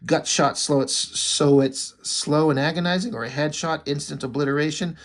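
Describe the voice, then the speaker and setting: A man's voice: a little high, fairly even intonation, normal speed, lightly acted. A man voicing a cocky male sniper who mutters boastfully to himself. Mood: gloating.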